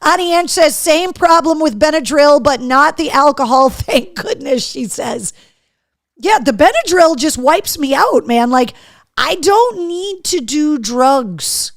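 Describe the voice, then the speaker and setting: A woman hosting a live show, chatting and reading viewer comments aloud, telling stories in an animated, profane way. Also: sits high, measured pace, no echo, clean studio sound. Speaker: host.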